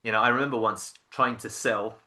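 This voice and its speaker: A man in his thirties, a podcast guest telling his career story in a casual, animated way, acting out voices and often restarting sentences. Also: mid-range voice, fairly quick. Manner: animated storyteller who acts out quoted voices, many restarts.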